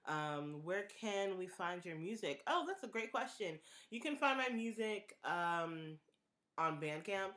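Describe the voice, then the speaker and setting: A woman from the Maryland suburbs hosting her own live stream as a singer-songwriter, answering viewer questions in a relaxed, earnest way and thinking aloud with pauses and restarts. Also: lowish voice. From Prince George's County, Maryland, USA.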